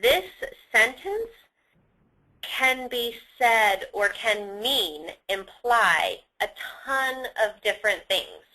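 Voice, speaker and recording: Speaking slowly but with animation, a woman lectures on sales technique, explaining how tone and emphasis work on the phone and demonstrating on example sentences. Her fairly high voice sounds pushed and bright, and the recording quality is low.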